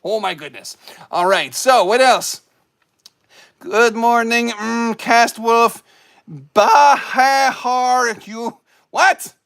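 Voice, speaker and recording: A goofy skeleton puppet host, played by a man, speaks in a very high voice. He rambles and cracks self-mocking jokes while reading out viewers' comments on a live stream. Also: extremely slow, vocal fry, long pauses, a bit bright, full character voice.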